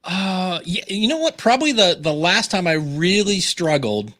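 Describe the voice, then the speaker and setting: Self-deprecating male podcaster, animated stories. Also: high-pitched, normal speed, no echo, studio quality. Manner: self-deprecating, animated storyteller acting out quotes. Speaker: guest, podcaster and author. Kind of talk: casual interview chat. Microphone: video call.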